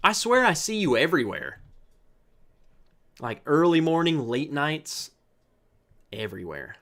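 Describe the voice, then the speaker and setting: A man hosting a relaxed live chat, playful and teasing as he calls out viewers one by one. His pitch swings widely while he talks at an unhurried pace, with a fairly high voice for a man. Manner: playful, jokey, greets viewers by name. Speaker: livestream host. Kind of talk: casual live chat reading viewer comments.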